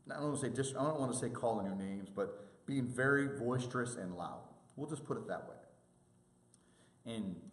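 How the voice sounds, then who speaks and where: Animated man presenting in an echoey room. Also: medium pitch. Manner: animated storytelling, acts out quoted people. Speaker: sports officiating presenter. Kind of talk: presentation to officials.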